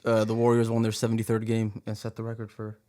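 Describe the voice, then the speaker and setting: A man co-hosting a podcast in casual chat, relaxed and jokey, quick to laugh. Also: on the low side. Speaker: podcast co-host.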